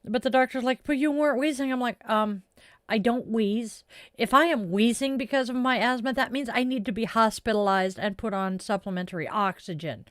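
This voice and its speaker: A woman's voice: on the high side, normal speed, a bit bright, no room sound, clean studio sound. A woman chatting casually with viewers on a stream, rambling and self-deprecating with frequent sighs. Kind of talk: casual live-stream chat.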